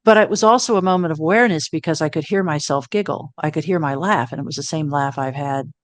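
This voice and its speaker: A woman in her sixties telling a personal story as an interview guest, animated, acting out quoted thoughts with self-mocking humor. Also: low voice, fast, no echo. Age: 60s.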